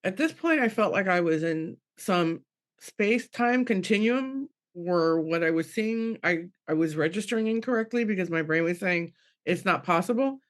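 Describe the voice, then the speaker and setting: A woman's voice: lowish voice, expressive, normal speed. A middle-aged woman, a medium on a panel podcast, telling an emotional personal story, acting out quoted voices and restarting her sentences. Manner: acts out quoted voices, restarts, laughs through tears.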